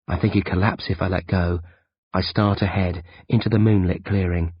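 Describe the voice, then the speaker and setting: Brief: man reading a first-person thriller audiobook, raspy low voice, dry and muffled sound. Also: flat delivery, normal speed, no room sound. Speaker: audiobook narrator. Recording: dull, dry lo-fi recording.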